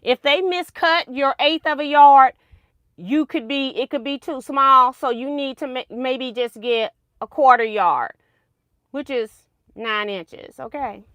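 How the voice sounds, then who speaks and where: A woman's voice: sits high, measured pace, fairly bright tone, no echo, studio quality. A woman hosting a casual quilting livestream, chatty and rambling, laughing at her own mistakes.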